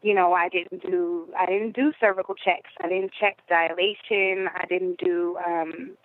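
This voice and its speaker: A woman's voice: lowish voice, fairly even intonation, measured pace. A woman as a podcast guest, telling a personal story in a rambling, conversational way with many fillers. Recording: phone-like narrow audio.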